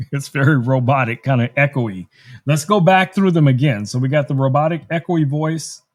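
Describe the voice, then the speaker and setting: A man's voice: mid-range voice, moderate pace, a little mellow. A man hosting a casual live-stream tech demo from his studio, chatty and thinking aloud as he works. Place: home studio.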